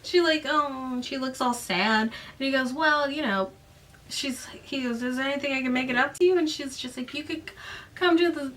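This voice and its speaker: A woman casually recapping a novel in a chatty, sarcastic way, acting out the characters' lines with jumps in pitch. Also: moderate pace, a bit bright, far from the mic. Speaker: book recap vlogger.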